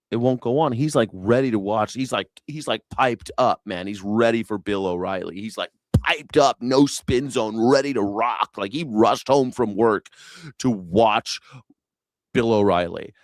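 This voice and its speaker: A man's voice: medium pitch, dry recording. A man hosting a show, telling stories in a loose, profane, laughing comedic rant. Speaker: show host.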